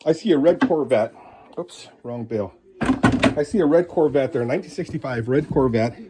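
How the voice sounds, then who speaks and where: Middle-aged guy from michigan rambling on in his daily chat vlog, keeps clearing his throat, middle pitch. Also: normal speed, very noisy. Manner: chatty, clears throat and coughs often. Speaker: vlogger.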